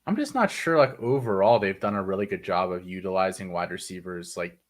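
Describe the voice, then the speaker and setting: A man with a very deep, low voice chats casually about football. He is blunt and emphatic in his opinions and throws in casual swearing. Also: brisk. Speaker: podcast co-host. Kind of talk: casual sports chat.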